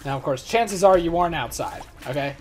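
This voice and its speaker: Soft background music accompanies a fairly quick man in his twenties whose voice runs high. As a let's play host, he keeps up loose, joking gameplay chatter, often turning the joke on himself.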